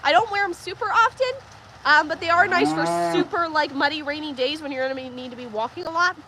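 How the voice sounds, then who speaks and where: A young woman hosting a casual farm livestream, chatty and quick to laugh as she reads viewer comments aloud. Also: high-pitched, background noise. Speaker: livestream host. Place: farm barn with rain outside. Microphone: phone livestream.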